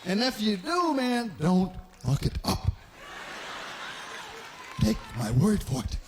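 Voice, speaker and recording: A man's voice: high voice, huge pitch swings, slow, a little hiss or hum. A man in his forties doing a live stand-up comedy routine, telling loose profane stories and acting out the people in them. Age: 40s. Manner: profane, loose storytelling that acts out characters. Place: live stage show.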